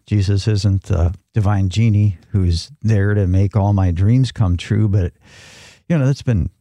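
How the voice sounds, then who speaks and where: A male host speaks earnestly and reflectively, at times praying. His voice is lowish and mellow. It is recorded dry and close. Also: dry recording. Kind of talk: reflective devotional talk and prayer.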